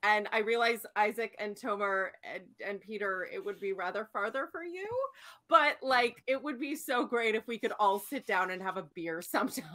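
A woman's voice: medium pitch, normal speed, sharp tone. A woman from British Columbia chatting playfully on a panel. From British Columbia, Canada. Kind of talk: casual group chat.

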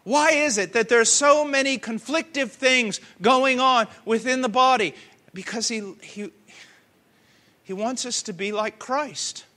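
A man preaching a sermon with passion, swinging from hushed earnest tones to loud cries. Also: very high voice, a little slow.

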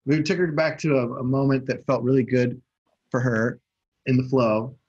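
Male podcast co-host, husky and a touch high, animated storyteller, muffled recording. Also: normal speed. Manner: animated storytelling, acting out both sides of a conversation. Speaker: podcast co-host and hypnosis coach. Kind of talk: casual chat.

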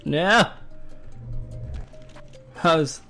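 A young man giving goofy, exclamatory commentary while playing a game, jumping between loud yelps and low mutters. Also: very slow, creaky, soft background music. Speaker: gamer.

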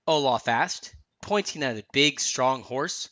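A man narrating a children's storybook aloud in an expressive, sing-song way. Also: mid-range voice, unhurried, few pauses, no room sound. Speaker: storyteller dad.

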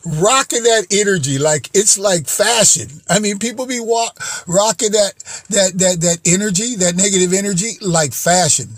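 A man's voice: high voice, normal speed, dry recording. A man hosting his own vlog, talking to viewers in an upbeat motivational monologue and laughing often between phrases. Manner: chatty, addresses viewers as guys and folks. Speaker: vlog host.

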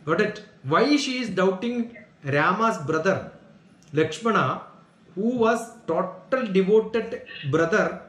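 A man's voice: sits high, animated, takes it slowly, fairly bright tone, echoey room. A man teaching as a spiritual teacher, answering questions earnestly and checking in with his listeners as he explains. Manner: earnest, explanatory, asks "Got it?" to check understanding.

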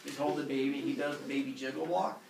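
A man's voice: quick pace, creaky, heavy background noise. A man teaching a class, telling a myth as a comic story and putting on silly voices for the characters. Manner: animated, puts on squeaky voices for characters. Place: classroom with students. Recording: echoey room, far from mic, students audible.

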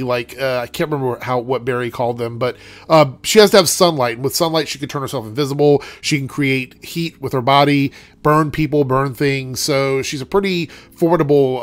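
A man's voice: medium pitch, no room sound. A young man with a congested, nasal voice giving a chatty, rambling TV review full of fillers. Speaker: TV show reviewer. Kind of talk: casual rant and review.

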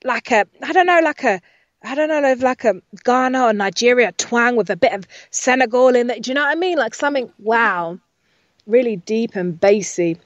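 A woman's voice: a little high, animated, moderate pace, no room sound, highs cut off. A woman who works as a voiceover artist and speaking coach, chatting as an interview guest, rambling with lots of fillers and self-corrections. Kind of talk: casual interview chat.

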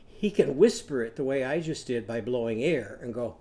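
A man's voice: mid-range voice, moderate pace. A man teaching a children's phonics lesson, telling a short story and leading simple songs for young learners to repeat. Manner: animated, coaxing, sings lines for children to echo.

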